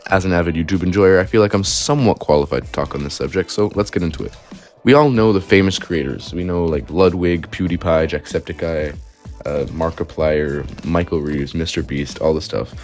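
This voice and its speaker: A man's voice: sits low, darkish tone, soft background music. A young man talking casually to camera about YouTube creators, chatty and full of "like" and "right?". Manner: quick, chatty, frequent "right?" and "like". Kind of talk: casual commentary video.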